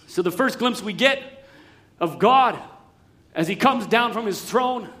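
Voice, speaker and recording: A man with a high-pitched voice preaching a sermon. He is emphatic, rising to loud declarations and dropping to quiet asides. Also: animated, unhurried.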